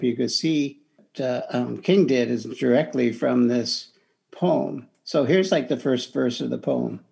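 A man's voice: medium pitch, gravelly, darkish tone. A man co-hosting a podcast, talking about a book in a loose, conversational way with frequent restarts. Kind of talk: casual book discussion.

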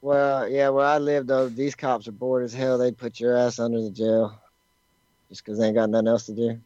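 A man's voice: medium pitch, level tone, normal speed, mellow, no echo, lo-fi sound. A man from Georgia, making laid-back, blunt remarks in a casual podcast chat.

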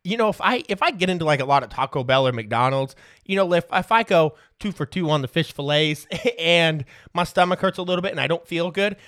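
Animated and a little fast, with few pauses, this man's fairly bright voice sits on the high side. He's a thirtysomething podcast host telling casual stories, cursing freely and laughing through them, captured in studio quality with no room sound.

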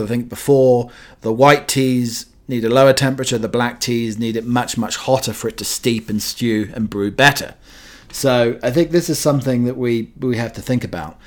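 A British-born man hosting a radio show, chatting in a meandering way with many fillers and playful asides. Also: mid-range voice. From Britain.

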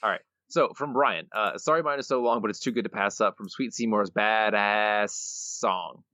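A man's voice: lowish voice, normal speed, bright, forceful tone, no echo. A man co-hosting a podcast in casual chat, reading listener answers aloud with mild playful emphasis. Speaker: podcast co-host. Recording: dull lo-fi dry podcast mic.

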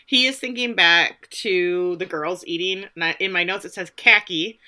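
A woman's voice: lowish voice, moderate pace, very noisy. A woman co-hosting a podcast in casual chat, wry, recapping plot scenes by acting out lines. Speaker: podcast co-host.

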